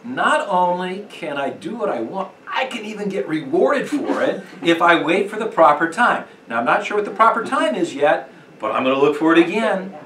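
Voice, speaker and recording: A man's voice: high voice, sing-song, moderate pace, fairly bright tone, voice pushed up. Smug plotting toddler, as a man puts him on. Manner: smug, gleeful, plotting aloud. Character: scheming little toddler who outwits parent. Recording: echoey room, distant mic, faint noise.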